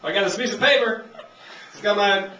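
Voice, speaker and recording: A man's voice: sits high, fairly even intonation, brisk, sharp tone, a little hiss or hum. A young man doing a stand-up comedy set, rambling in a laid-back way and acting out characters in raised voices. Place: comedy club stage. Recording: distant, roomy, muffled amateur club recording. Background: audience laughter.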